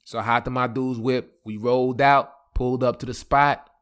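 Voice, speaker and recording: A man's voice: mid-range voice, normal speed, smooth. A man telling a personal story in a casual, slangy vlog, laughing often. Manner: animated, slangy, laughing a lot.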